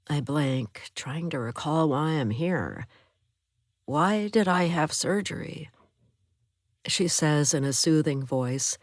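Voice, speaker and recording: A woman narrating an audiobook thriller in the first person, measured and even. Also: low-pitched, dry recording, clean studio sound.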